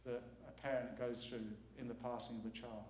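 A man's voice: mid-range voice, little pitch movement, brisk, a little mellow. A middle-aged man preaching as a guest speaker, earnest and emphatic, repeating words for weight. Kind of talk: sermon. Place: church sanctuary. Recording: echoey church hall.

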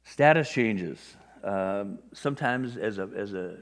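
A man delivers a sermon in an easygoing, conversational manner, his voice sitting on the low side. He slips into quick little character voices for the people in his examples. The sound carries a long reverb from a large sanctuary. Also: lively intonation. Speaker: pastor.

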